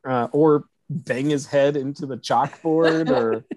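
A man's voice: on the high side, takes it slowly, a little mellow, no echo, low-quality recording. A man co-hosting a casual film podcast, going through his list of notes with dry jokes. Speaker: podcast co-host. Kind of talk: casual chat.

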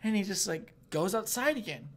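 A man's voice: high-pitched, fairly quick. A young man talks casually about life as a stand-up comic. He tells his stories with energy and acts out the voices of hecklers and hosts. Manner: animated storyteller, acts out hecklers. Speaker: stand-up comedian. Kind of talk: casual chat.

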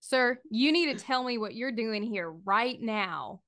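A suspicious hermit with a Southern drawl, played by a woman game master snaps out short, guarded warnings. The voice is bright and fairly high, and carries a tense edge in a tabletop role-play. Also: lively intonation, unhurried. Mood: wary. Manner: curt, wary, threatening. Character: suspicious armed male hermit.

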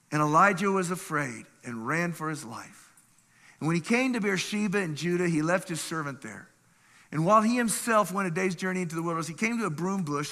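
Animated preaching man, high bright voice. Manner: animated preaching, reads scripture aloud, asks the congregation questions, laughs often. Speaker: pastor. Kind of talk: sermon. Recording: long reverb of a hall.

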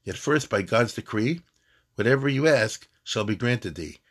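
A man's voice: medium pitch, expressive, slightly rough. A man reading aloud the lines of a stern, dutiful male angel of death from a narrative poem. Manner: slow solemn recitation.

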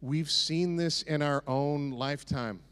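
A man's voice: fairly high pitch, unhurried, fairly bright tone, clean tone. A man preaching a casual, conversational sermon with sarcastic, joking asides. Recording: echoey hall reverb.

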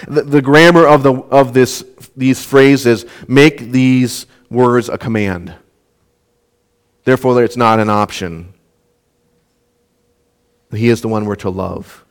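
Young male pastor, sermon delivery, smooth clear voice, mid pitch, earnest with frequent restarts. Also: a little slow, pauses often. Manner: earnest, repeats words when restarting.

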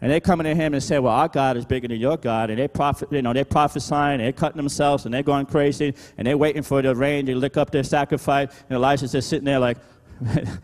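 A male pastor preaching a sermon, calling out "Amen?" to the congregation and swinging between loud emphatic exhortation and quieter talk. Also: mid-range voice, steady tone, fast, hardly any pauses, big-room sound. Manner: preaching with call-and-response "Amen?".

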